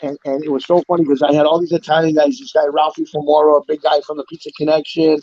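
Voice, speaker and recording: A middle-aged man tells his stories at a rapid clip, swearing freely and punching up quoted lines. His voice sits a bit high. The recording is dry and dull, like a lo-fi podcast. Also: little pitch movement, no echo. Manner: rambling storyteller, swears freely, acts out quotes loudly. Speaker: guest telling prison stories. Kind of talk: casual chat.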